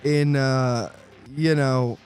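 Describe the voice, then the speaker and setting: A man co-hosting a casual movie review podcast, swearing freely and retelling scenes with quick quoted lines. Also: mid-range voice, fairly even intonation, darkish tone, soft background music. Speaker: podcast co-host.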